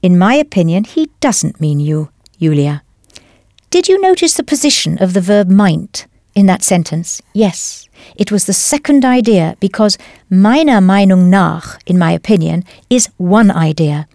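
A woman teaching a language lesson in scripted narration, explaining patiently and clearly step by step. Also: medium pitch, expressive, a little slow, mellow, dry recording, clean studio sound.

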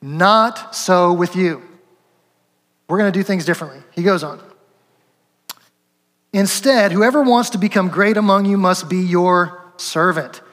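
High-voiced male pastor preaching in a hall. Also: moderate pace. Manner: conversational, acts out quotes, chuckles, rhetorical asides. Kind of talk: sermon.

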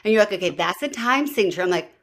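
A woman hosting a casual podcast conversation, telling stories in a lively way and acting out what others said. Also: medium pitch, fast. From Baltimore area, US. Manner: lively storyteller, acts out quotes. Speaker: podcast host.

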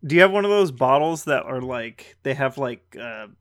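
A man's voice: medium pitch, lively intonation, normal speed, smooth, dry recording, studio quality. A young man co-hosting a podcast, chatting casually and rambling with lots of fillers. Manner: rambling with many likes and fillers. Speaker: podcast co-host. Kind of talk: casual chat.

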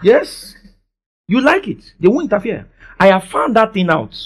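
A man preaching a sermon, calling for responses from the congregation and swinging between soft asides and loud declarations. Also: high voice, sing-song, normal speed, slightly rough. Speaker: pastor.

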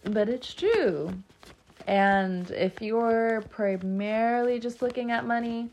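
A woman's voice: a little high, takes it slowly, a little mellow, slight background noise. A woman giving a casual tarot reading to camera, chatty and rambling, laughing often as she talks. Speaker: tarot reader.

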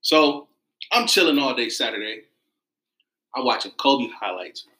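A man tells a story in an easy, casual way, and his voice swings up and down as he acts out what people said. He sounds like he is in an echoey room. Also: measured pace. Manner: animated storyteller, acts out quotes in high voices. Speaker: guest telling his side of a story. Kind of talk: casual chat.

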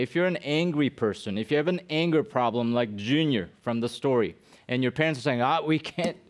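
A man preaching a sermon to students as pastor, emphatic, with rhetorical questions he answers himself and frequent restarts. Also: mid-range voice. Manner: emphatic, asks the audience questions and answers them; repeats and restarts phrases, acts out quoted voices.

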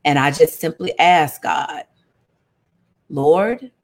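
Slow-talking woman teaching scripture. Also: mid-range voice. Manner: lively and conversational, calling out to listeners. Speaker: Bible study teacher. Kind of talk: casual sermon-style Bible teaching.

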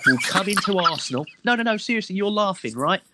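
A man's voice: high-pitched, expressive, fast, noisy background. Passionate man arguing football. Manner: passionate, insistent, laughs while arguing. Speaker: podcast co-host. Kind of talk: casual football podcast chat.

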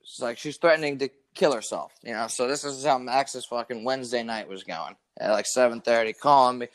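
A man's voice: medium pitch, a little fast, no room sound. Rambling, profane man telling a story. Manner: rambling, profane, lots of fillers. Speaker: podcast co-host. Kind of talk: casual chat, storytelling.

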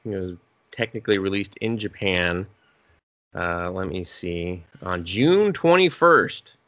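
A young man co-hosting a casual podcast, swearing freely and acting out quotes in a higher voice. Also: expressive, slow, a bit bright. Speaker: podcast co-host. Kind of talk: casual chat.

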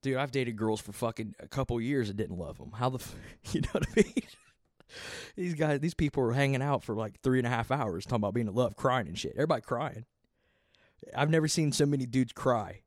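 A man's voice: medium pitch, animated, fairly quick, no echo, studio quality. A man in his thirties ranting casually and profanely as a podcast host, rambling and exasperated. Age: 30s.

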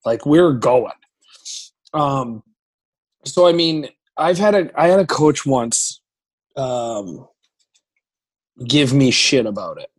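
A man in his thirties, a hockey goaltender, telling stories as a podcast guest in an animated, profane, rambling way. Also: mid-range voice, slow, pauses often. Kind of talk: casual podcast storytelling.

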